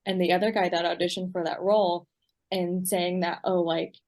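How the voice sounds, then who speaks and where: Guest: woman with a lowish voice, thoughtful, halting, lots of fillers, casual chat. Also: little pitch movement, a little mellow. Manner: hesitant, reflective, heavy on fillers. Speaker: podcast guest. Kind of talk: casual conversation.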